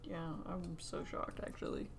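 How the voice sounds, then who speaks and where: A woman co-hosting a casual stream, making teasing, deadpan remarks. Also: unhurried.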